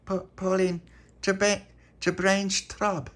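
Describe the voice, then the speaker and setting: A man's voice: high-pitched, flat delivery, takes it slowly, fairly bright tone, pitched above the performer's own voice. A man voicing a brave, bossy young boy who leads the others earnestly.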